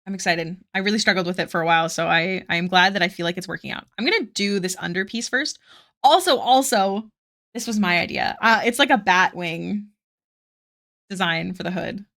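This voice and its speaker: A young woman chatting casually with her viewers while she draws, bubbly and talkative, reading chat aloud and thinking out loud. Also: fairly low pitch, a little fast. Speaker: art streamer. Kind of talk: casual live-stream chat while drawing.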